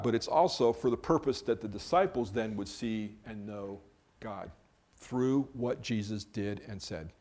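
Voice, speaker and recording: A man's voice: medium pitch, a little mellow. Man preaching a conversational sermon. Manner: measured and conversational, addressing a small congregation. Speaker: pastor. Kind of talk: sermon on a Bible passage.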